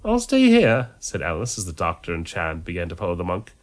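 A man narrating a story in an amateur audiobook reading, with expressive storytelling. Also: low voice, quick pace.

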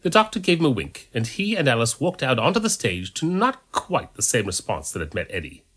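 A man narrating a story in an expressive reading voice. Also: mid-range voice, brisk, husky. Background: background music.

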